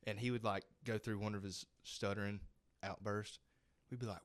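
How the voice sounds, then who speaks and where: A man's voice: on the low side, fairly even intonation, normal speed. A man guesting on a podcast, recorded dry and close with no room echo. He tells his stories casually and mimics the people in them. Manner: storytelling, acts out quoted voices. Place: podcast studio.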